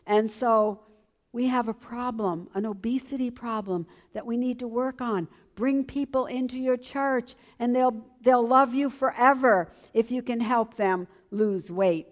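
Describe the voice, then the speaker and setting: A woman's voice: fairly high pitch, unhurried. A woman in her seventies giving an enthusiastic church presentation as a health educator. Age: 70s. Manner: lively, enthusiastic, emphatic.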